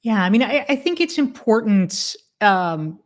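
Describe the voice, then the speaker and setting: A woman's voice: mid-range voice, big pitch swings, unhurried. Woman, forties, casual interview talk, emphatic, lots of fillers and restarts, mid-range voice. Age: 40s. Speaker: podcast guest, author.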